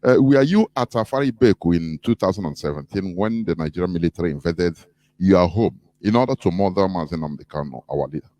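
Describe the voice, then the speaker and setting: A man's voice: low voice, lively intonation, brisk, warm tone, no echo. A man hosting a radio interview, politely interjecting with earnest questions. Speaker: radio host.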